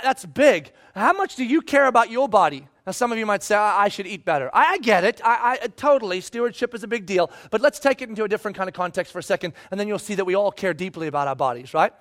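Preaching in a strikingly high voice, a male pastor gives an emphatic, animated sermon that drops into hushed asides and rises to shouts. The delivery stays lively and insistent throughout.

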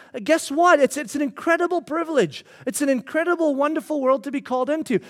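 A man in his thirties, a pastor, preaching a sermon and telling a lively personal story, acting out his own lines. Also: very high-pitched.

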